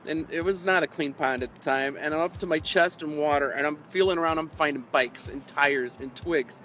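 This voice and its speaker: Outdoors by the water on a live fishing stream, a man rambles through old stories to his chat, chuckling often and poking fun at himself. His voice is fairly high and fairly bright, and he talks a little fast. Slight background noise can be heard.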